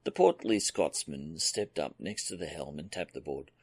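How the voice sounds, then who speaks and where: Deep, gravelly male narrator. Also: normal speed, dry recording. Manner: steady storytelling read. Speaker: audiobook narrator. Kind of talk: scripted narration.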